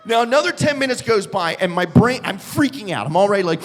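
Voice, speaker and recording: Animated high-voiced man doing stand-up. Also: quick pace, few pauses. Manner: animated storytelling with shouted put-on voices. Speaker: stand-up comedian. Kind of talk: live stand-up set. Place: comedy club stage. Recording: live club recording with long reverb.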